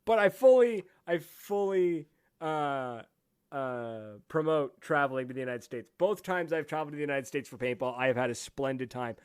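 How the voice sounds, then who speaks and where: A man from Canada hosting a podcast, telling a lively story in casual chat, acting out what people said and laughing often. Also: fairly high pitch, moderate pace, smooth, dry recording, studio quality. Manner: animated storyteller, acts out quotes, laughs often. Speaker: podcast host.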